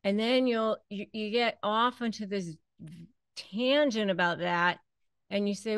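A woman's voice: medium pitch, takes it slowly, fairly bright tone, smooth, dry recording. A woman hosting an advice talk, speaking conversationally and acting out bits of quoted dialogue. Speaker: host.

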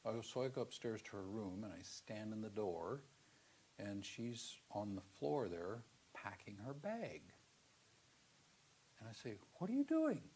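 A man's voice: lowish voice, unhurried, a little mellow, a little hiss or hum. A middle-aged man giving a seminary theology lecture, telling a personal story earnestly with sudden emphatic bursts.

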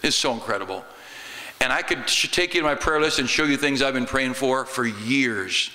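A man's voice: mid-range voice, normal speed, bright, forceful tone, long reverb tail. A man with an American accent, a pastor preaching a folksy, humorous sermon in a church. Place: church sanctuary.

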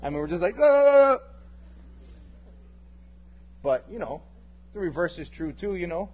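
A man preaching to his congregation, his voice sitting a little high for a man. He pushes hard on key lines, then drops to a near hush when he turns intimate. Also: fast, breathy edge, highs cut off. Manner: impassioned, swinging between loud and hushed. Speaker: pastor. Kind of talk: sermon. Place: church service.

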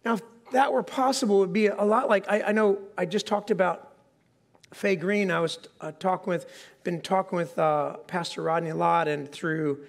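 A man's voice: high-pitched, steady tone, moderate pace, gravelly. A man preaching a sermon to a congregation in a conversational, self-deprecating way, often asking the room questions. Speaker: pastor. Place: church sanctuary before a congregation.

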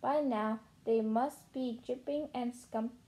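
A woman voicing a big, gentle male giant with mangled, soft-hearted speech in a storybook reading. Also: on the high side, fairly even intonation, unhurried, lightly acted.

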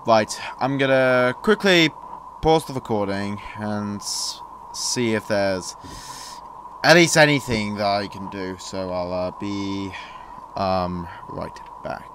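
A young man commentating on a horror game, sarcastic and jumpy, shouting when startled. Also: on the low side, slow pace, a little hiss or hum. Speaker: gameplay commentator.

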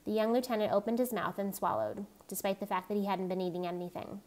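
A woman reading a novel aloud in a steady, even narrating voice. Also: medium pitch, fast talker. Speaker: reader.

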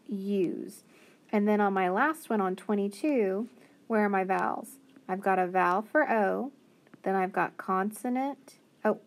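A woman's voice: medium pitch, darkish tone. A woman teacher giving a phonics lesson to young children, patiently sounding out each word. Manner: slow, patient, sounding out words.

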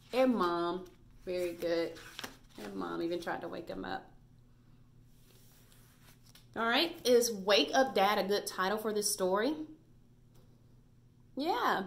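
A woman's voice: medium pitch, vocal fry, fairly bright tone. A woman teaching a recorded reading lesson to first graders, patient and praising as she spells out letters.

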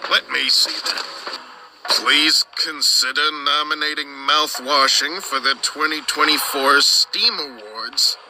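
Slow, puzzled game crewman. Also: fairly high pitch, over music, poor audio. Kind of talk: game trailer voice acting.

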